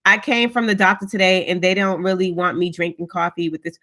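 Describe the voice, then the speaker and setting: A woman's voice: lowish voice, fairly even intonation, fairly quick, hardly any pauses, fairly bright tone. A woman hosting a casual live stream, chatting upbeat and greeting viewers one by one by name.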